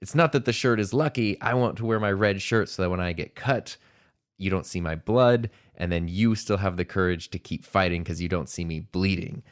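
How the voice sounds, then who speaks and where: A man playing a brave, gruff pirate captain in a half-hearted pirate growl, while telling a joke. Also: low-pitched, moderate pace, close to an everyday voice. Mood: solemn.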